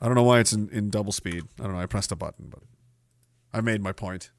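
A man's voice: lowish voice, rapid-fire, vocal fry, no echo. A man hosting a podcast, ranting in a sneering, mocking way. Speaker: podcast host. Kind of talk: ranting commentary.

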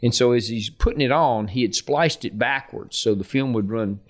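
A middle-aged man, a football coach, telling anecdotes in a podcast interview, folksy and animated, laughing as he goes and acting out the dialogue. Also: mid-range voice, moderate pace. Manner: acts out dialogue in his stories.

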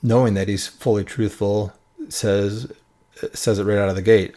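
A man with a fairly low voice teaches through Bible passages step by step. He keeps it conversational and informal, often tagging his points with a quick "right?" to keep listeners following. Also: steady tone, warm tone.

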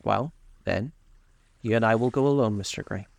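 A languid, witty nobleman drawls clever remarks in a low, gravelly voice, as a man reads him aloud. His lines lift slightly above the reader's own tone, unhurried and amused in their manner, like a storybook reading. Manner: drawling, epigrammatic.

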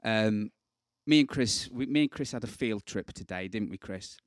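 A man's voice: fairly low pitch, moderate pace, no room sound, studio quality. A man co-hosting a podcast, joking and rambling in casual banter and laughing often. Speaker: podcast co-host.

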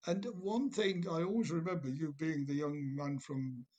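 A male host with a husky, somewhat high voice chuckles as he recalls old times with a former student. His delivery is relaxed and conversational. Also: normal speed. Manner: chuckling, warmly reminiscing. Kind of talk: casual interview chat.

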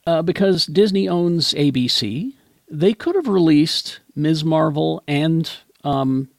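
A man's voice: on the high side, takes it slowly, vocal fry, no echo. A man hosting a casual pop-culture chat show, talking in a rambling, chatty way with plenty of fillers. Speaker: podcast host.

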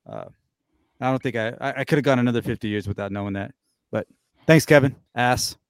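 A man's voice: mid-range voice, brisk, clear, resonant tone, dry recording. A man co-hosting a casual podcast, giving a short wisecracking wrap-up. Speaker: podcast co-host. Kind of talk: casual chat.

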